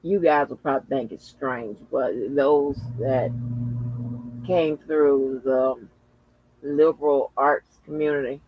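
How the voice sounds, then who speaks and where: A man hosts his own channel with casual vlog commentary, chatty and exclamatory, swearing freely and addressing viewers directly as y'all. His medium-pitched voice is steady and slow, recorded lo-fi with no room sound.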